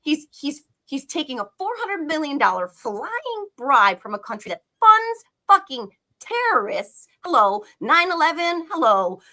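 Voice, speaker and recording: A woman's voice: sits high, big pitch swings, measured pace, hardly any pauses, bright, forceful tone. A woman giving a heated, profane political rant on a live talk show, talking emphatically. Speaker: political commentator.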